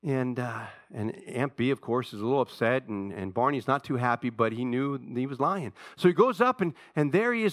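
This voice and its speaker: A man preaching a sermon, telling a story from an old TV show in a conversational way and pausing to ask his congregation questions. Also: medium pitch, lively intonation, dry recording, clean studio sound. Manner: conversational storytelling, retells a TV episode with asides to the congregation. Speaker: pastor.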